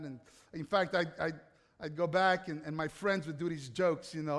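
A man preaching to an audience, telling a self-mocking personal story in an animated way with asides to the crowd. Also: high voice, fast. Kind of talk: storytelling sermon. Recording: hall reverb.

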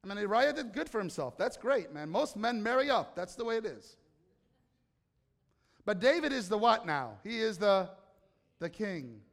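A man with a notably high voice preaches a sermon, chatting and joking with his listeners and quizzing them as he goes. His words ring out with a long reverb, as if heard in a big hall. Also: big pitch swings, moderate pace, vocal fry, pauses often. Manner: conversational, joking, quizzes the congregation. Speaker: pastor.

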